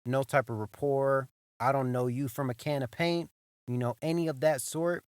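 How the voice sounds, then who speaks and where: A young man hosting a podcast, telling a story in a loose, animated way, full of swearing and "bro", circling back and repeating himself. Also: mid-range voice, moderate pace, no room sound. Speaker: podcast host. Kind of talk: casual storytelling monologue.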